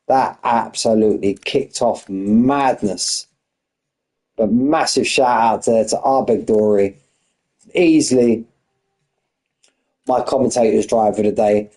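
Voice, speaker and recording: A man commentating a sim racing league race, excitable and out of breath, firing off shout-outs. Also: medium pitch, low-quality recording. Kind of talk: live esports race commentary.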